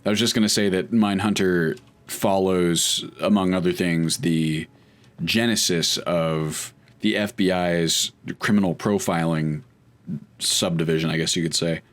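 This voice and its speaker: A man's voice: low-pitched, fairly even intonation, a little slow. A man casually commenting while playing a video game, chatty and wry, thinking aloud as he goes. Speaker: let's play host.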